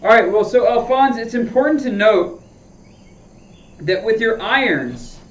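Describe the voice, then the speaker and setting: A man's voice: high voice, lively intonation, a little slow. Chatty man vlogging golf practice, roomy and distant. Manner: chatty, loose, talks through his swings. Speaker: golfer streaming a practice session. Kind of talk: casual chat to viewers while practicing. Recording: roomy, distant, dull lo-fi sound.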